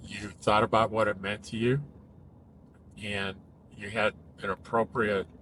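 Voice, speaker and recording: A man with a fairly low voice talks casually, explaining ideas the way a therapist would. He speaks in a measured, thoughtful way and lifts his voice for emphasis. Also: level tone, a bit bright, slight background noise, rough recording. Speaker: cognitive behavioral therapist.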